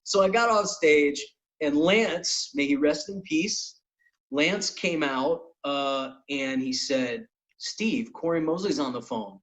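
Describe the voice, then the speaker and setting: Middle-aged male comic host, lively storyteller, slightly higher voice. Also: slow pace, rough recording. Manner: animated storyteller, acts out quotes. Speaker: podcast host and comedian. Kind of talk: casual storytelling.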